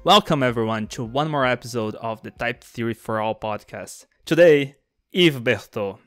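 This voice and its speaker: A man hosting a podcast and interviewing a guest in a friendly, lively way. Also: medium pitch, normal speed, no room sound. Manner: friendly, lively, laughs easily. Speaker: podcast host. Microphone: remote call mic.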